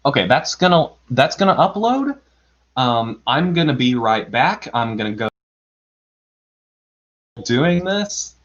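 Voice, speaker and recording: A man's voice: mid-range voice, sing-song, normal speed, a bit bright. A man hosting a live storybook reading, chatting casually and rambling as he narrates his own computer tasks, with self-deprecating chuckles. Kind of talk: casual livestream chat. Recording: dull lo-fi stream audio.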